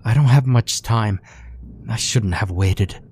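A man voicing a young woman turned into a bleeding winged creature, speaking softly and sadly in a weak whisper. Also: on the low side, slow, slight background noise. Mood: urgent. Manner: soft, weak, sad whispering.

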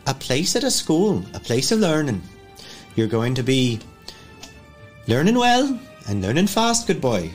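A man's voice: mid-range voice, big pitch swings, a little slow, soft background music, pitched above the performer's own voice. A man doing Helga, a cheery motherly woman. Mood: cheery coaxing. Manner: cheery, coaxing, gushing. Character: warm motherly woman recruiter.

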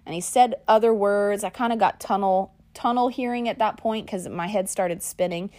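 A woman podcast host, telling a personal story in a lively way and calling her listeners y'all and guys. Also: medium pitch, normal speed. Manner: animated, acts out quoted lines.

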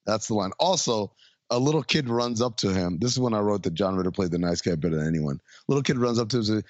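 A man's voice: on the low side, expressive, fast, dry recording, lo-fi sound. A man co-hosting a podcast, chatting playfully about a film and acting out its lines. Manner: playful, acts out quoted lines. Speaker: podcast co-host. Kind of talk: casual movie podcast chat.

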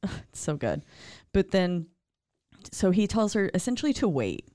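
A woman co-hosting a podcast, recapping a horror film in animated, casual chat and quoting the characters. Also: fairly low pitch, no echo, clean studio sound. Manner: animated, swearing, quick to quote characters. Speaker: podcast co-host.

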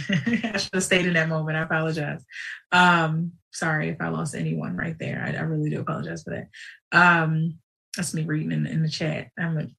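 A woman hosting a live show in casual livestream talk, animated and digressive, with sudden outbursts. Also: low voice, moderate pace, vocal fry, far from the mic, low-quality recording.

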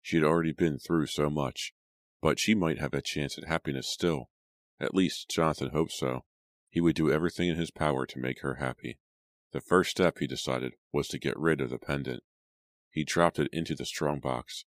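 Very deep-voiced man reading a story. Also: fairly even intonation, moderate pace, dry recording, studio quality. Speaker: audiobook narrator. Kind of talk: scripted dramatic narration.

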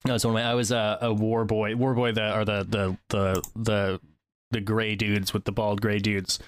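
A man co-hosting a podcast in casual chat, animated, with sudden excited high-pitched bursts. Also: normal speed, clear, resonant tone. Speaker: podcast co-host.

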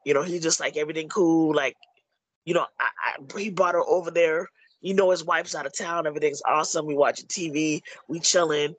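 Rambling man with a husky voice. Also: fairly high pitch, fairly even intonation, brisk, dry recording, low-quality recording. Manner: rambling, full of "you know" and restarts. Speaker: filmmaker discussing his movie. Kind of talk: casual chat.

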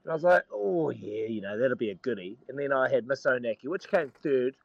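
A man's voice: mid-range voice, expressive, fairly quick, creaky, dry recording, lo-fi sound. A man, calling in from a holiday resort to tell a story in casual banter, often laughing mid-sentence. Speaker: sports radio regular calling in from holiday. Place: holiday resort abroad, remote call.

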